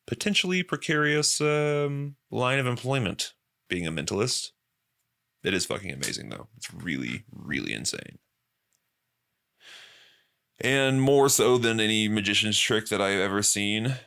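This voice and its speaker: A man's voice: lowish voice, gravelly, sharp tone. A young man hosting a podcast, chatting casually and profanely and acting out quoted voices. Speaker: podcast host.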